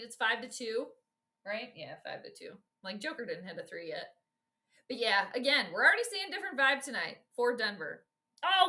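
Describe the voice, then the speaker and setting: A Minnesota woman hosts casual live sports commentary, speaking straight to her viewers and reacting to each play with blunt exasperation. Her voice sits a little high and sounds pushed and bright.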